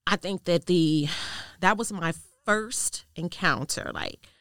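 A woman with a fairly low voice tells her own story as an interview guest. She speaks earnestly and in a measured way, and her voice drops quiet when the story turns tense. The sound is close and dry. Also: dry recording. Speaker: podcast guest. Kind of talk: personal testimony in an interview.

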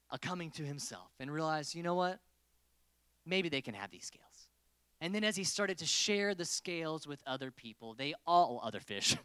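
A man's voice: fairly high pitch, a bit bright, clear, resonant tone, dry recording. A man in his thirties preaching a casual, joking sermon to a congregation. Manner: playful, joking with the crowd.

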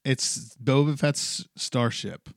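A man's voice: medium pitch, fairly even intonation, slow, no echo, clean studio sound. A man chatting casually, chiming in with teasing jokes. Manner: joking, teasing interjections. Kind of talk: casual chat.

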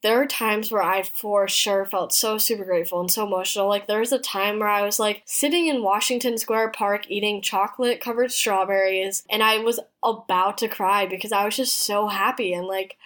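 A woman's voice: medium pitch, steady tone, normal speed, hardly any pauses, fairly bright tone. Young woman rambling on her podcast, lots of likes and you knows, heartfelt and chatty. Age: 20s. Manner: chatty, heartfelt, many fillers like "like" and "you know". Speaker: podcast host. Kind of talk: casual personal podcast monologue. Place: apartment room in a city.

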